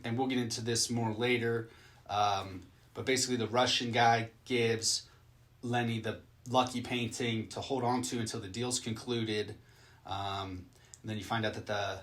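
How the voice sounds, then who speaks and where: A man recapping a movie he just watched and reacting to it in casual chat, loose and rambling, with plenty of swearing. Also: lowish voice.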